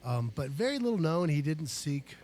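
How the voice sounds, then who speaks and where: A man's voice: on the high side, big pitch swings, normal speed, a little mellow. A man, a guest musician, chatting casually in a music studio, easygoing and rambling, with fillers and restarts. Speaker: guest musician, guitarist and singer.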